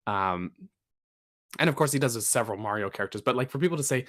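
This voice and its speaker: A man's voice: medium pitch, expressive, quick pace, fairly bright tone. Chatty man co-hosting a podcast. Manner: chatty, rambling with restarts and fillers. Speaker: podcast co-host. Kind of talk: casual podcast chat.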